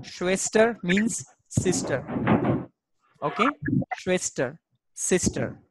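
A language teacher leads an online class over a video call. The teacher speaks at a slow, unhurried pace and patiently repeats each word aloud. The sound is dry and close, with almost no room echo. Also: medium pitch, expressive. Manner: patient, repetitive pronunciation drilling.

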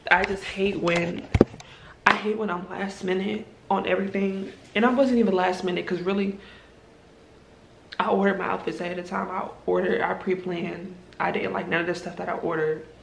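A woman's voice: on the low side, fairly even intonation, normal speed, gravelly. A woman, venting in a casual vlog about being exhausted before a trip. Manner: tired, venting and exasperated. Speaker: vlogger and hairstylist. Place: in a car, then at home. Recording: noisy phone recording.

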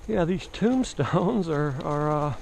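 A travel vlogger from the Southern US, with a mild Southern accent, chats to the camera while riding a bicycle outdoors, rambling and poking fun at himself. His voice is a little high, expressive, creaky and darkish, slow-paced, with a bit of hiss or hum.

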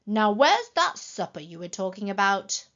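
A woman voicing a playful young male elephant prankster who calls out in high, drawn-out pleas. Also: big pitch swings, a bit bright, lo-fi sound. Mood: cheeky.

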